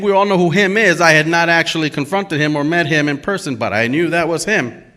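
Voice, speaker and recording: Bright-voiced man telling a story on stage. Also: on the high side. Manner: animated, emphatic, acts out quoted dialogue. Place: stage at a live storytelling event.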